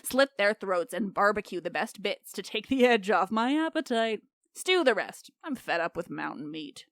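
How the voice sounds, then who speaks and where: A woman voicing a gruff, bossy male cyclops giant, barking orders in a blunt, blustering way. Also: mid-range voice, lively intonation, normal speed, fairly bright tone, no echo, studio quality. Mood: menacing.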